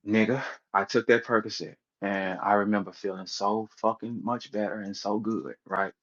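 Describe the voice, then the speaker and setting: A man's voice: lowish voice, fairly even intonation, normal speed, fairly bright tone, muffled recording. A man giving a casual, emphatic rant as a commentator, repeating words and acting out the people he quotes. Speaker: battle rap commentator.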